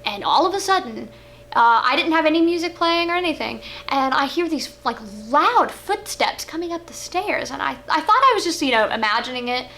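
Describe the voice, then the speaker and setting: A young adult woman co-hosting a vlog, telling stories in an animated, chatty way. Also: high voice, brisk. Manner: animated, chatty, with fillers and giggles. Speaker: vlog co-host. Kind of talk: casual storytelling chat. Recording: faint background noise.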